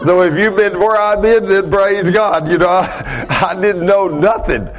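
A man preaching a sermon in a folksy storytelling way, laughing at his own stories and swinging between loud and hushed. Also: high-pitched, measured pace.

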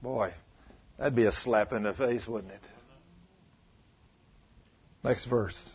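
A man's voice: fairly low pitch, takes it slowly, breathy edge. A man preaching a sermon, telling the story with dramatic quotes and asking the congregation questions. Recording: dull lo-fi sound.

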